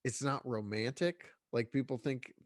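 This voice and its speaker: A man's voice: mid-range voice, fairly even intonation, unhurried, no echo, studio quality. A man talking as a guest in a casual interview, congested, rambling along with many restarts and fillers. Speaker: guest filmmaker.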